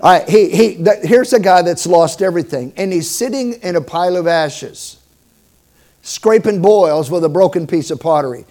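A middle-aged man preaching a sermon, telling stories with humor and emphatic swings in loudness. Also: high-pitched, normal speed. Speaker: pastor.

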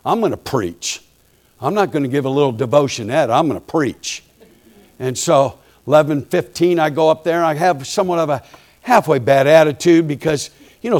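A male preacher telling a humorous story from the pulpit, quiet and folksy one moment and loud and fired up the next. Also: mid-range voice. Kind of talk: storytelling sermon.

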